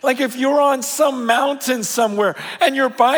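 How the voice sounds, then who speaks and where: Male pastor, high voice, animated sermon, big hall reverb. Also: moderate pace, few pauses. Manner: animated, swings from shouting to hushed low tones; conversational with fillers and laughs.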